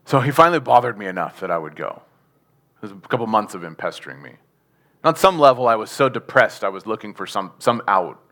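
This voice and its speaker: A man's voice: lowish voice, very animated, fast, pushed and bright. A man giving a sermon testimony, telling his story earnestly with chuckles and asking the congregation questions. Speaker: preacher.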